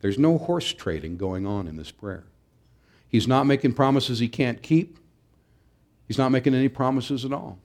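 A man's voice: medium pitch, moderate pace, darkish tone. A middle-aged man preaching a sermon in an earnest, emphatic way, sometimes restarting his phrases. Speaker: pastor.

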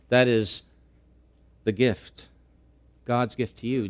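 A male pastor preaching a sermon, repeating key phrases and swinging between loud emphatic lines and slow, hushed ones. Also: lowish voice.

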